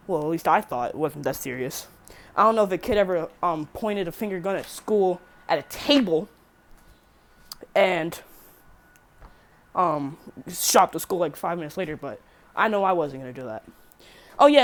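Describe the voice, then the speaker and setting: Teen girl vlogging a storytime, kinda low voice, swears a lot, keeps correcting herself. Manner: rambling, swears freely, self-correcting. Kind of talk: casual storytime.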